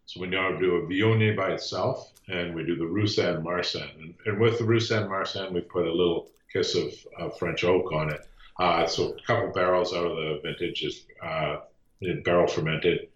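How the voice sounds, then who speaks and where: A man who makes wine, a guest in a radio interview, talking in a relaxed, hesitant way and plainly fond of his wines. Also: deep voice, moderate pace, roomy sound, dull audio. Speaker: winemaker.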